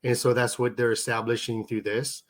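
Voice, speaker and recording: A man's voice: medium pitch, flat delivery, moderate pace. A man co-hosting a podcast, talking in an easygoing way as a fan. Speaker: podcast co-host. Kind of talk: casual chat.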